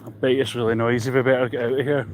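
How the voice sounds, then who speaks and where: A man's voice: mid-range voice, level tone, rapid-fire. A Scottish man chatting casually as a vlogger at a windy harbour, rambling and reading out viewer comments. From Scotland. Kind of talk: casual live-stream chat outdoors. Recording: loud wind noise on the mic.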